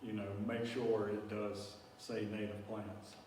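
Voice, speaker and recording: A man's voice: fairly low pitch, level tone, takes it slowly, a little mellow. Folksy man in an echoey room. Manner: rambling, filler-heavy, folksy. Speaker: speaker giving a talk on native plants. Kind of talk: casual presentation to a local audience. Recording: echoey room, distant mic, faint hiss.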